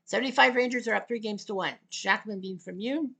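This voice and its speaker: A woman giving casual, rambling gameplay commentary, packed with asides and the odd shouted taunt. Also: medium pitch, fast, vocal fry. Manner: chatty, rambling asides full of trivia.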